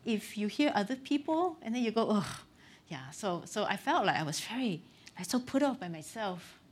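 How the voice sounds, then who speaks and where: A middle-aged woman pastor giving a conversational sermon, candid and self-deprecating, with frequent "um" and "you know.". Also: fairly high pitch.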